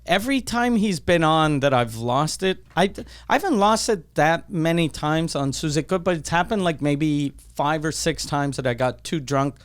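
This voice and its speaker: A man's voice: fairly high pitch, normal speed, clear, resonant tone. A middle-aged man hosting a podcast, telling profane stories in casual chat and acting out the people he quotes. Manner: profane animated storyteller, acts out quotes. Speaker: podcast host.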